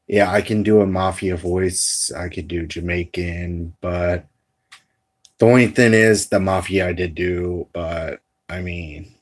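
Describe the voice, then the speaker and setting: A man talking casually in a vlog, rambling and hesitant with many fillers as he shows off voices and animal noises. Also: deep voice. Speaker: amateur voice impressionist.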